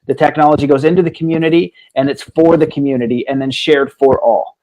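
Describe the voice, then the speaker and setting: A man with a somewhat high voice tells stories in a casual chat. He rambles, restarts his sentences, and keeps slipping in quick asides. He sounds lively and chuckles now and then. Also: lo-fi sound. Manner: animated, laughs while telling stories. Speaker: guest on a talk stream. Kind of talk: casual storytelling conversation.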